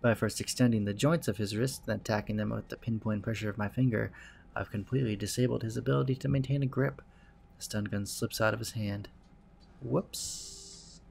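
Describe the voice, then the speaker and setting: Male let's play host, gravelly voice, dry wry read of game narration. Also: on the low side, steady tone, quick pace, a little mellow, a little hiss or hum. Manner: dry, wry reading with asides. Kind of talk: reading a visual novel's narration aloud.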